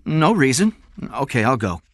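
A man's voice: medium pitch, sing-song, moderate pace, no room sound, studio quality, voice pushed up. A man reading aloud and voicing a reluctant young male thief who sounds hesitant and wary.

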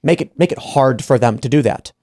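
Brisk and mellow, this mid-range male voice belongs to a podcast host making his argument in an opinionated studio panel. He restarts his sentences frequently and plays out other people's words.

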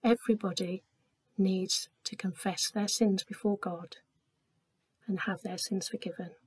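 A woman tells a story to a group of children in a slow, clear, gentle voice. Her pitch sits at an ordinary middle height, and she lifts it to act out the characters. The sound is dry and close, with no room echo. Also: fairly even intonation. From England. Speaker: children's talk leader. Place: church.

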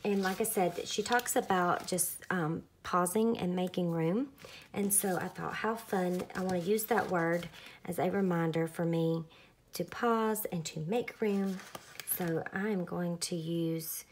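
Chatty young woman, lowish voice. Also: unhurried, slight background noise. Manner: chatty, relaxed, lots of fillers. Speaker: craft vlogger. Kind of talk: casual narrated craft tutorial.

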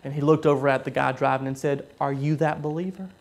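A man preaching a sermon, telling a story with frequent halting restarts and repeated words. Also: mid-range voice, steady tone, gravelly. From southern United States.

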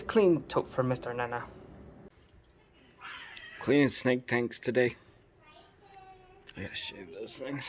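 A man at home talking fondly to his pet snakes as he cleans their tubs. His delivery is unhurried and very lively in pitch, sliding into playful sing-song and soft teasing. A faint hum sits under the voice. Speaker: snake keeper vlogger. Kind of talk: casual chat to pet snakes.

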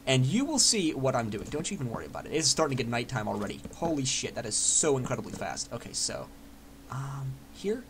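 A young man giving casual, excitable commentary while playing a building game, chatting to himself and swearing freely. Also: medium pitch, quick pace, slight background noise. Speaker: Minecraft let's player.

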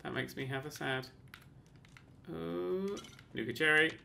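A man casually commentating on his own gameplay, chatty and excitable, with sudden yelps and mock-boastful asides. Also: on the high side, measured pace, vocal fry, slight background noise. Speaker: let's play host.

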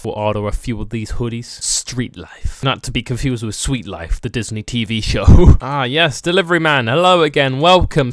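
A man's voice: medium pitch, a bit bright, clean tone, no echo, clean studio sound. A man doing comedic let's-play commentary, sarcastic and playfully rude, bursting into mock outrage. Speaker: gaming YouTuber.

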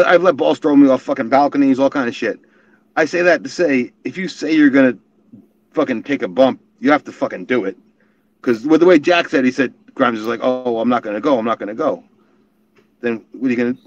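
A man's voice: medium pitch, a little fast, no room sound. A man telling rambling, profane wrestling stories as a guest in a casual chat. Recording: dull lo-fi stream audio.

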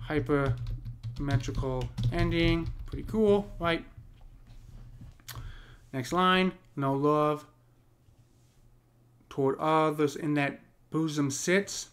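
An American man teaches poetic meter in a casual screen-share lesson, speaking slowly in a slightly high, somewhat bright voice and pausing often. He thinks aloud, with plenty of fillers and restarts.

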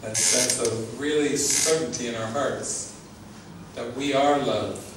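Slow and steady in tone, a medium-pitched man leads an informal spiritual talk as a teacher. He laughs often, speaks earnestly, and says things more than once; the mic is distant, with echo and background noise.

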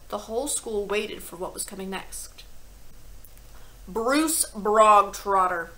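Expressive woman teacher reading aloud. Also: mid-range voice, normal speed, low-quality recording. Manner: expressive storytelling. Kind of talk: reading a novel aloud to a class.

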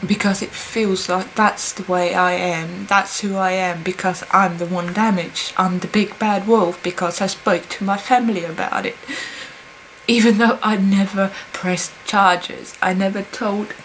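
A young woman speaking in a personal confessional vlog, hesitant and halting, with many pauses and fillers. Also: mid-range voice, fairly even intonation, fairly bright tone, slight background noise, low-quality recording. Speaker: vlogger.

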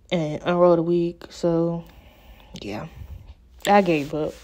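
A young beauty vlogger with a fairly low, darkish voice talks through a wig install at a mirror in a room at home. She sounds exasperated and chatty, speaking straight to viewers and calling them "girl" and "y'all."

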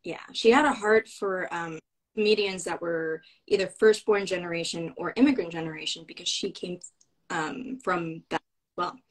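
A woman's voice: lowish voice, fairly even intonation, moderate pace, poor audio. A woman talking as a guest in a casual conversation, enthusiastic and rambling, with many fillers and restarts.

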